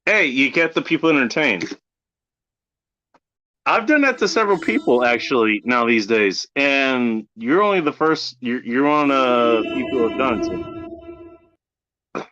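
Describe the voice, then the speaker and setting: A man hosting a casual chat, relaxed, swearing often and repeating himself. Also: mid-range voice, unhurried, pauses often, highs cut off.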